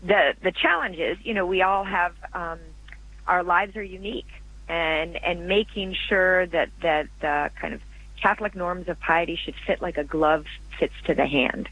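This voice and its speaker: A man speaking as a guest author on a radio interview, earnest and reflective, pausing and restarting as he thinks. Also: sits high, steady tone, pushed and bright, poor audio.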